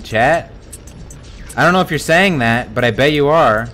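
A man streaming a horror game live, talking to his chat, swearing a lot and yelping and shouting at every scare. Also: mid-range voice, lively intonation, normal speed, long pauses, faint music behind. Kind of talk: live gameplay commentary.

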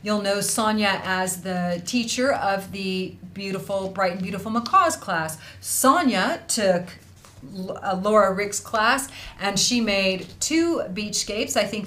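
A woman's voice: medium pitch, a bit bright, slight background noise. A woman, hosting a casual craft livestream, bubbly and effusive, reading out viewers' messages. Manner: bubbly, effusive, laughs often. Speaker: host of an online felting school livestream.

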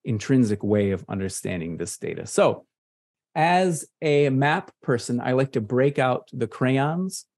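A man from Michigan with a Midwestern American accent, presenting a casual, playful software tutorial over a video call. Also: medium pitch, a little slow. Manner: playful, nerdy asides, chatty and relaxed. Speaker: presenter at an online meetup. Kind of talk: casual screen-share tutorial. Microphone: computer mic on a video call.

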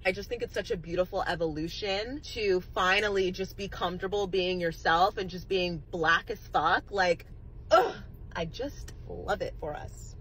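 Woman, lowish voice, reflective vlogger, faint background hiss. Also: a bit bright, low-quality recording. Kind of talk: casual vlog monologue.

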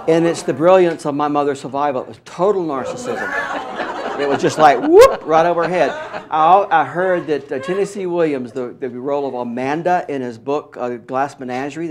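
A middle-aged man from Mississippi, an author being interviewed, telling stories in an animated, wry way and acting out what others said. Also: on the high side, moderate pace, background noise. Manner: animated, wry storyteller who acts out quotes. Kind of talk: storytelling in an interview.

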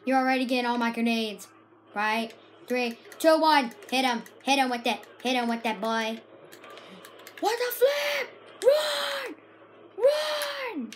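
Very high-voiced woman yelling game commentary. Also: takes it slowly, slight background noise. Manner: frantic, shouts and yelps at the action. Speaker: gaming video creator. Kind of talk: excited gameplay commentary.

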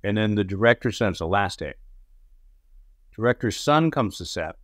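A man co-hosting a podcast, telling his acting-set stories in an animated way and swearing casually. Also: fairly low pitch, moderate pace, no room sound, clean studio sound. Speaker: podcast co-host and actor. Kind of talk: casual storytelling chat.

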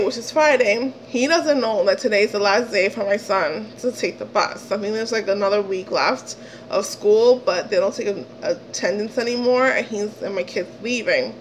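A woman's voice: on the high side, a little hiss or hum, poor audio. A young woman from the Dominican Republic telling a storytime vlog as a heated rant, swearing and quoting others. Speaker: vlogger.

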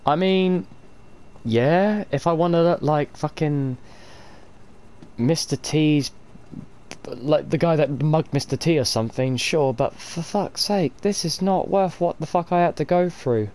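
A man commentating on a video game, swearing and ranting, his voice hoarse from screaming. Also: fairly high pitch, a little slow, a little mellow, poor audio. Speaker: gamer. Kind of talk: gaming commentary.

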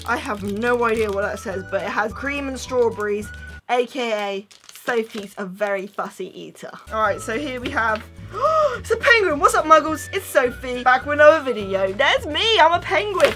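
A young woman vlogging as she unboxes fan mail, gushing and chatty with bursts of squealing excitement. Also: high-pitched. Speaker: YouTuber.

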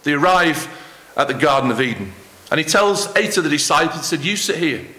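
A man preaching a sermon in church, acting out the quoted lines with lively emphasis. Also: fairly high pitch, a little fast. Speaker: pastor.

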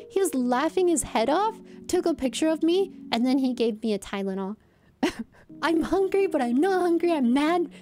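A woman's voice: high voice, a little mellow. A young woman telling stories in a rambling, giggly vlog chat. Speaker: streamer.

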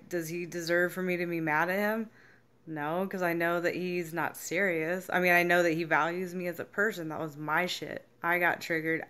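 A woman's voice: sits low, a bit bright, clear, resonant tone. A young adult woman vlogging candidly about feelings, swearing freely and acting out what people said to her. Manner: frank, swears freely, acts out quoted reactions. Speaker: self-help vlogger. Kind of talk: casual candid monologue.

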